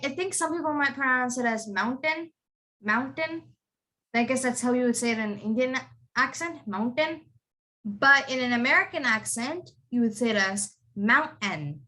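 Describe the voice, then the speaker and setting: Bright-voiced woman teaching pronunciation. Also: fairly high pitch. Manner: repeats words slowly, asks students to echo them. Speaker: accent tutor. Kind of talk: online pronunciation lesson.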